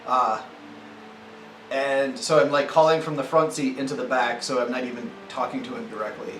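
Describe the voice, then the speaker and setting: A man's voice: mid-range voice, fairly even intonation, normal speed, fairly bright tone. Hesitant man player, far from the mic. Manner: hesitant, stumbling restarts. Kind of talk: casual chat at a tabletop game. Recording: distant voice in an echoey room with noise.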